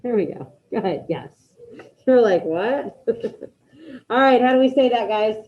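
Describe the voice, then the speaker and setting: A woman with a fairly high voice runs an online class over a video call, brisk and encouraging. The sound comes through a dull, lo-fi computer mic. She keeps calling out students by name as she checks their work. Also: lively intonation, a little hiss or hum. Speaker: Spanish teacher.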